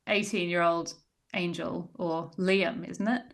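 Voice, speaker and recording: A woman's voice: on the low side, fairly even intonation, slow pace. A woman co-hosting a TV rewatch podcast, musing aloud and tossing in rhetorical questions. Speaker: podcast co-host. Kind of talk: casual chat.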